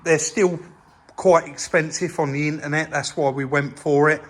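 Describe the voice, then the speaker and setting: A man's voice: fairly high pitch, normal speed, fairly bright tone. An English man hosting a repair vlog, chatting casually as he points out details in his workshop. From England. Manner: chatty, explains while pointing things out. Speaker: vehicle repair channel host. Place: vehicle workshop, indoors.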